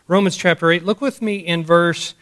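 A man's voice: sits high, fairly even intonation, moderate pace, fairly bright tone. A man preaching a sermon in an emphatic way, repeating key phrases and asking the congregation rhetorical questions. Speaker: pastor. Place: church service.

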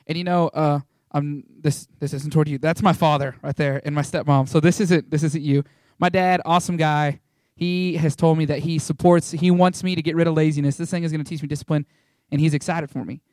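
A young man giving an informal, rambling testimony to a small church, excitable and full of fillers and restarts. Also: on the high side, brisk, dry recording, studio quality. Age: young adult.

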